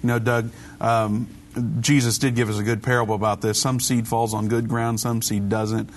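A man hosting a Christian call-in radio show, talking briskly and conversationally while preaching to callers. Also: mid-range voice, flat delivery.

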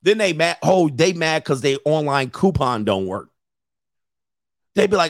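Male host, gravelly voice, slightly high, crude joking, casual livestream. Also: animated, moderate pace, no echo, clean studio sound. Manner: crude, joking, laughs often, acts out other people. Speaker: host and dating coach.

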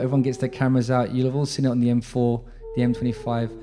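A man's voice: medium pitch, level tone, racing. A man with a British accent giving a conversational storytelling talk to a congregation, retelling a story with frequent restarts. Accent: British English. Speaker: Sikh speaker addressing a congregation. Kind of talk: spoken storytelling talk with a moral lesson. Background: music.

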